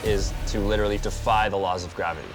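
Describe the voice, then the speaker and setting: A magician talks quickly and eagerly to the camera about his career, his voice on the low side. The delivery is earnest and a little breathless. A loud music bed plays under him. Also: steady tone. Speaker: magician contestant. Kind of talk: interview to camera. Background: backing music.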